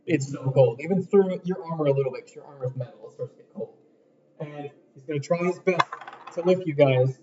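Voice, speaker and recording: A man's voice: a little high, fairly quick. Playful man at a tabletop game. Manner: playful, laughs often. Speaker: player. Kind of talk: casual tabletop chat. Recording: dull with chatter behind.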